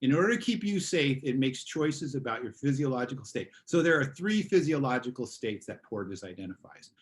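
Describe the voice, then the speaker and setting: Casual male teacher lecturing over a video call, animated examples. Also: medium pitch, a little fast. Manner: casual, acts out examples in voices. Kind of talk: online class lecture.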